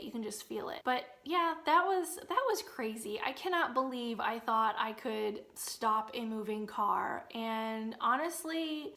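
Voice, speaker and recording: Animated woman telling a story. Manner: animated, acts out quotes in loud high bursts. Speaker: vlogger. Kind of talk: storytelling vlog.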